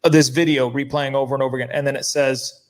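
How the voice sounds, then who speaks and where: A man's voice: mid-range voice, little pitch movement, quick pace. A man co-hosting a talk show, talking heatedly and indignantly, mimicking newscasters and swearing now and then. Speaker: co-host.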